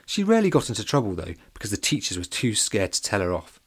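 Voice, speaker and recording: Man, children's audiobook narrator, playful and jokey, lively swinging voice. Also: lowish voice, quick pace, slightly rough.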